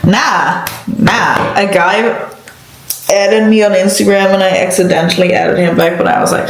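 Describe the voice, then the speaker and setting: A woman's voice: lowish voice, fairly even intonation, normal speed, noisy background. Sarcastic young Dutch woman, echoey room. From Netherlands. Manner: sarcastic and exasperated storytelling. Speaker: makeup vlogger. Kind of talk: casual chat while doing makeup.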